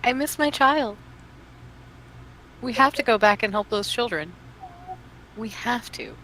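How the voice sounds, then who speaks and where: A woman's voice: fairly high pitch, animated, measured pace, heavily acted, rough recording. A woman voicing a homesick, worried adventurer mother. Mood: longing. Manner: quiet, earnest talk.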